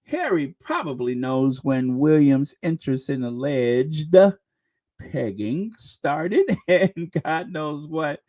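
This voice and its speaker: A woman's voice: deep voice, lively intonation, slow, darkish tone. A woman hosting a live stream, casually chatting and reading viewer comments with lots of laughter and exclamations. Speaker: livestream host reading super chats.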